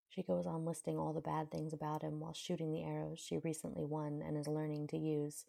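A woman reads a fan-fiction story aloud and narrates it plainly. Her voice is low and mellow, with heavy vocal fry throughout. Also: monotone, a little fast, few pauses. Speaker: audiobook reader.

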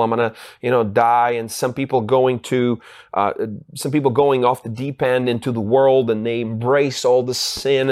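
Halting, increasingly fervent male preacher. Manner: halting, with many restarts and fillers, growing emphatic and rising in pitch. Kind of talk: sermon.

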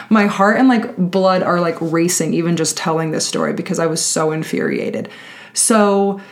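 A woman hosting a podcast, telling a personal story in a casual, animated, exasperated way and swearing freely. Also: mid-range voice. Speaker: podcast host.

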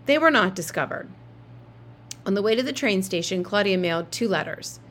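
A woman narrating a children's novel in a steady, expressive reading voice. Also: mid-range voice, normal speed, a little hiss or hum. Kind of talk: storybook read-aloud.

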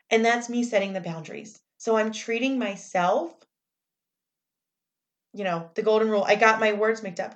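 A woman's voice: mid-range voice, moderate pace. A woman speaking in a candid, reflective personal monologue, retelling her own thoughts aloud as she works through a lesson.

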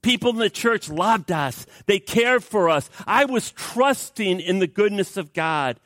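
An earnest, tearful widow confessing how she drifted and came back, as a preacher voices her. The voice sits a bit high for a man and sounds dry and close, with no room around it. Her lines swing from hushed to urgent. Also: animated, a little slow, no echo. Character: grieving widow who found her way back.

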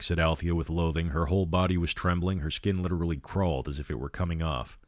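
Man, storyteller, reading aloud, steady, very deep voice, dry close sound. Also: fast talker, hardly any pauses, dry recording.

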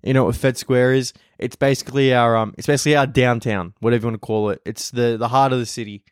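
A man's voice: medium pitch, smooth, no room sound, clean studio sound. A young Australian man, a comedian, telling rambling, profane stories in a casual podcast monologue from home.

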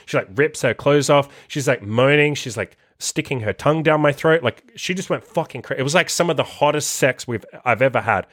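Young male dating coach, casual storyteller, crude and rambling, average pitch, dry close sound. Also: fairly bright tone, dry recording. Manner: loose, profane, many fillers and restarts.

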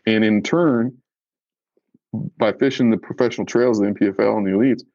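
Blunt, earnest man with a low voice. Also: fairly quick, a little mellow, no room sound, dull audio. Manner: blunt, earnest, self-reflective. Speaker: professional bass fisherman, podcast guest. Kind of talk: candid podcast conversation.

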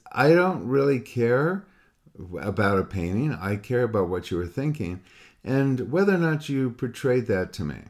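Low-voiced man teaching painting. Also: a little mellow. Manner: rambling, repeats words, quotes students in other voices. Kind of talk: casual one-on-one critique talk. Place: call with a student.

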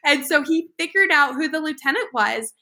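Bright-voiced woman telling stories. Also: high voice, normal speed. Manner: animated, acts out quoted voices. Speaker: interview guest, naval aviator and author. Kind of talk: casual interview storytelling.

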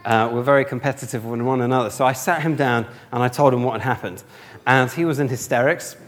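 A man's voice: medium pitch, steady tone, quick pace. A young man from the north of England telling a humorous, self-mocking story in a sermon, acting out the dialogue. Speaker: speaker. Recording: long hall reverb.

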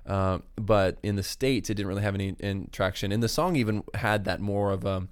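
A man's voice: on the low side, fairly quick, smooth, dry recording, studio quality. A man hosting a casual discussion about worship songs, chatty with frequent restarts. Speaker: worship podcast host.

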